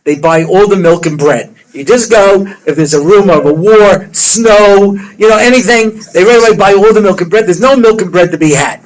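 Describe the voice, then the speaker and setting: A rabbi with a notably high voice tells funny stories to his listeners. He is a middle-aged man who talks in a loose, chatty way, full of quips and side remarks. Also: moderate pace, few pauses, low-quality recording. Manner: joking, conversational, full of asides and quips. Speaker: rabbi giving a lecture. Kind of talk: humorous storytelling lecture.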